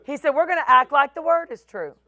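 Woman pastor, sermon, high voice, dry close sound, emphatic drawn-out delivery. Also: animated, pushed and bright, dry recording. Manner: preaching with emphatic, drawn-out phrases and quoted voices.

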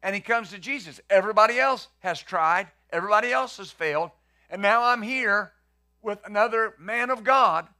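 A man's voice: high-pitched, moderate pace, sharp tone. A male pastor preaching a conversational sermon, acting out the quotes he reads and the questions he poses.

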